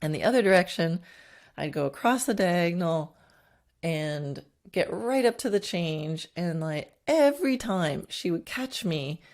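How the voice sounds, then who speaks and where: Reflective woman podcaster, lowish voice. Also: animated, unhurried, a little mellow. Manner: reflective, laughs often, voices inner thoughts in quoted asides. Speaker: podcast host and horse trainer. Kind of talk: solo podcast talk.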